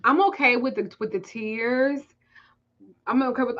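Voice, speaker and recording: This woman, a spiritual reader and livestream host with a Southern US accent, keeps things casual, telling stories amid profane, laughing banter. Her voice sits a little high and moves at a moderate pace, and the audio is dull.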